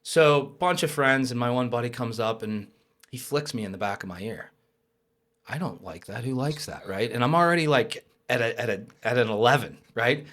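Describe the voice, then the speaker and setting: A young adult man telling a personal story as a podcast guest, lively and casual, with swearing. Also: medium pitch, normal speed. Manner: animated, swears, acts out quoted voices.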